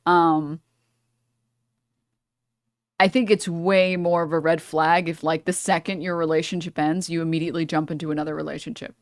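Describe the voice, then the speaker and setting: A woman streamer reacting to a clip, chatty and wry with firm opinions. Her voice sits a bit low for a woman, and the sound is dry and close. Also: level tone, moderate pace, long pauses, no room sound. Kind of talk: casual reaction commentary.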